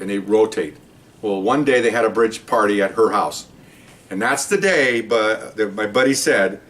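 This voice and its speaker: A man's voice: on the low side, fairly bright tone, recorded from a distance. An older man, a retired police officer, casually telling a profane story and acting out the voices of the people in it. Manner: rambling, profane, acts out the voices in his story.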